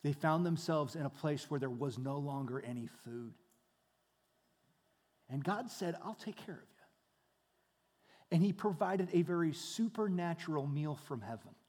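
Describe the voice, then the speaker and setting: Male pastor, fairly high voice, dynamic sermon delivery, long hall echo. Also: lively intonation, a little slow, pauses often. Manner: dynamic preaching, dropping to hushed tones then rising loud.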